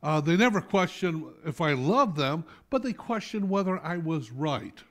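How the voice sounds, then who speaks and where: Animated preaching man, fairly high voice. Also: moderate pace. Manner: animated preaching with sudden soft drops. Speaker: pastor. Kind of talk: sermon. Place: church sanctuary.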